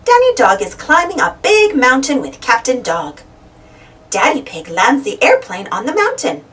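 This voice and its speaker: A woman reading a children's storybook aloud in an animated, sing-song way. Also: high voice, moderate pace. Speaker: storybook reader. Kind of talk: children's read-aloud narration. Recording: distant mic with faint noise.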